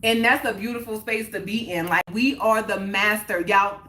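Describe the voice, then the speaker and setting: A woman's voice: medium pitch, fairly even intonation, moderate pace, bright, forceful tone, slight background noise. A woman hosting a live stream in casual chat, answering viewers and repeating her points for emphasis. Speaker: livestream host.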